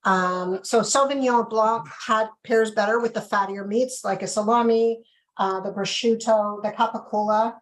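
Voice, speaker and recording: A chatty woman walks viewers through a live wine tasting, talking casually with plenty of ums. Her voice sits a bit high, and she comes through a video call. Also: fairly even intonation, normal speed, poor audio. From Canada. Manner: chatty, filler-heavy explaining.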